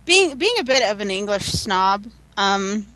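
A woman's voice: medium pitch, very animated, a little slow, a bit bright, low-quality recording. A woman chatting casually on a podcast, laughing as she talks. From United States. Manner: chatty, laughs while talking.

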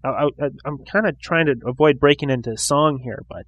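A man hosting a relaxed podcast, rambling and starting sentences over as he thinks aloud. His voice sits somewhat high for a man. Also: brisk, highs cut off. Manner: rambling, restarts often. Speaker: podcast host. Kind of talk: casual chat.

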